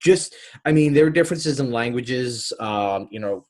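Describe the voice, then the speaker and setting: A man's voice: medium pitch, animated, normal speed, darkish tone. Casual, hesitant man podcast co-host. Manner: loose, hesitant, many "um" and "like" fillers.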